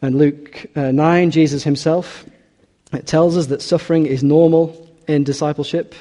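A man preaching a sermon, earnest and emphatic, slowing and dropping his voice on key phrases. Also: fairly high pitch, steady tone, warm tone. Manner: earnest, emphatic, slows and drops on key words.

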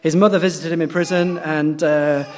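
A male pastor preaching a sermon, telling stories earnestly and swinging between loud emphatic peaks and quiet low passages. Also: fairly even intonation, moderate pace, slight background noise. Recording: long hall reverb.

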